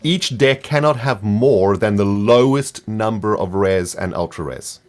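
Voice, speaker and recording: A man with a South African accent in casual chat, voice sitting low but swinging widely in pitch. He explains rules patiently, trailing off with fillers and laughing easily. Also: animated, unhurried. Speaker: guest player on a voice call.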